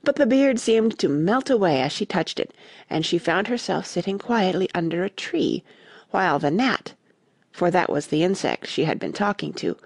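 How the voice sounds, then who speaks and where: A woman reading a classic storybook aloud as an audiobook narrator, expressive and animated. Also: mid-range voice, gravelly, husky, no room sound.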